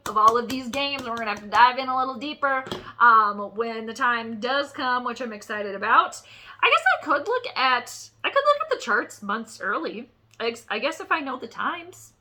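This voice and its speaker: A woman's voice: sits high, sharp tone. A woman vlogger chatting playfully through her football picks for the season, teasing herself as she goes. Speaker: sports vlogger. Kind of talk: casual football predictions vlog.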